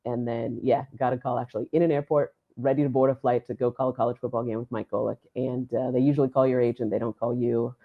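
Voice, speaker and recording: A woman's voice: rumbling low, fast talker, few pauses, narrow, tinny audio. A woman sports announcer in a podcast interview, telling a story with feeling and acting out the dialogue of the people in it. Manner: animated storyteller who acts out quoted dialogue. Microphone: podcast microphone.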